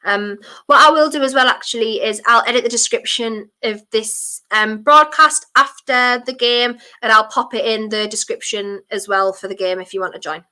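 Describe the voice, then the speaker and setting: Bright-voiced North East English woman streaming. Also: a little high, moderate pace, hardly any pauses. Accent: mixed North East English, toned down. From Durham, England. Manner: chatty, blunt, mild swearing, self-deprecating. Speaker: football watchalong streamer. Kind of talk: casual live-stream chat reading viewer comments.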